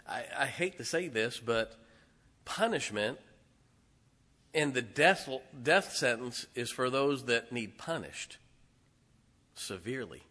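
A man's voice: medium pitch, expressive, takes it slowly, long pauses, pushed and bright, long reverb tail. A man preaching a conversational sermon as pastor, folksy and joking with his congregation. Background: congregation responding.

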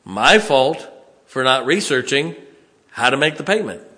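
A man's voice: mid-range voice, expressive, measured pace, sharp tone, big-room sound. A middle-aged male pastor, preaching a sermon in a church with folksy, conversational stories. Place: church sanctuary.

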